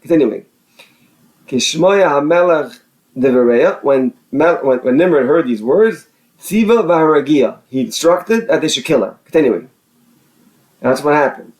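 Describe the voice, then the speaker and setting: A man's voice: a little high, lively intonation, normal speed, a little mellow. A man teaching a religious text, reading out Hebrew phrases and translating each into casual English, often repeating words and restarting. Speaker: Torah teacher.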